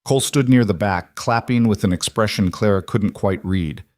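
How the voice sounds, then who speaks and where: A male narrator reading a dramatic scripted story in a measured way. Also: lowish voice, a little mellow, no room sound, studio quality.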